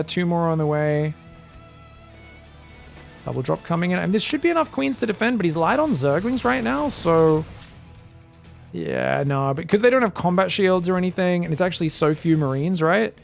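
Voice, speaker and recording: Guy casting a strategy game live, kinda high gravelly voice, gets hyped and yells at big plays, faint music underneath. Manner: excitable, bursts into loud shouts at big plays; chatty, addresses viewers directly. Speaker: esports caster.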